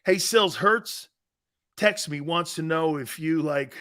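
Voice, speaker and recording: A middle-aged man hosting a sports talk show, brash and sarcastic, swearing and breaking into shouted outbursts. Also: a little high, slow pace. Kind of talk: opinionated sports radio talk.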